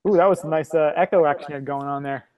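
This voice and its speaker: A man's voice: a little high, fairly even intonation, racing, darkish tone, clean tone, no room sound, lo-fi sound. A man co-hosting a casual podcast over a video call, upbeat and eager as he plugs the show. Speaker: podcast co-host.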